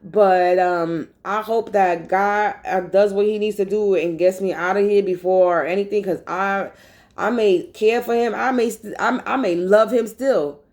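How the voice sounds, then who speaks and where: A woman's voice: medium pitch, fairly even intonation, measured pace, darkish tone, poor audio. A woman vlogger in a rambling casual monologue, talking bluntly and profanely.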